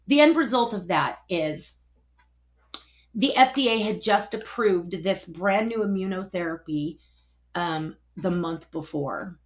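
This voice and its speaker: A middle-aged woman telling a personal story, animated and acting out both sides of each conversation. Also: medium pitch.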